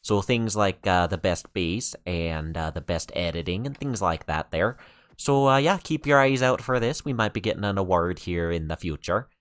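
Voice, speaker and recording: A man's voice: deep voice, lively intonation, normal speed. A man voicing an exaggerated Canadian-accented gamer in let's-play commentary, rambling with many fillers. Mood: chatty. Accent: put-on Canadian.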